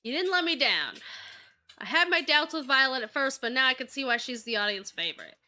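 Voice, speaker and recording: A woman voicing a businesslike female producer in a dating game, matter-of-fact and brisk. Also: high-pitched, lively intonation, bright, forceful tone, full character voice.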